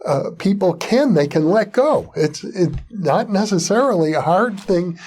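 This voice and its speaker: Husky-voiced male interview host. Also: sits high, lively intonation, a little slow, darkish tone. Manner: hesitant, searching with many uh fillers. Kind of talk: conversational interview.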